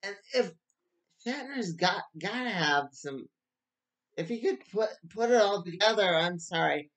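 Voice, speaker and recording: Slow, rambling man reviewing a book. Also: high-pitched, animated, a bit bright. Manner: rambling, stop-start with many restarts. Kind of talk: casual solo review.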